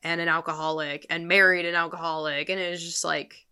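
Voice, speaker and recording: A woman's voice: on the low side, level tone, brisk, bright, forceful tone, smooth. A woman co-hosting a podcast, chatting casually and emphatically about a TV show with strong opinions. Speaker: podcast co-host. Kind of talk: casual recap chat.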